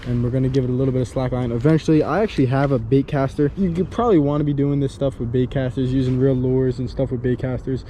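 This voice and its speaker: A man's voice: mid-range voice, steady tone, fast talker, hardly any pauses, mellow, a little hiss or hum. A young man in his twenties vlogging casually, slangy and rambling, laughing often. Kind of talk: casual vlog chat.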